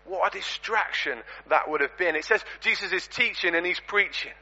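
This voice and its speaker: A man preaching a storytelling sermon in a church, animated and conversational, full of rhetorical questions. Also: sits high, normal speed. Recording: dull lo-fi recording.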